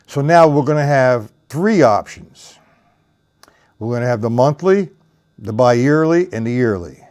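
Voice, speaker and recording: A man's voice: mid-range voice, expressive, a little slow, a little mellow, clean tone. A middle-aged man teaching drums on a live stream, counting beats and explaining technique in a blunt, rambling way. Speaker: drum teacher. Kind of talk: live-streamed drum lesson. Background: drums played between talk.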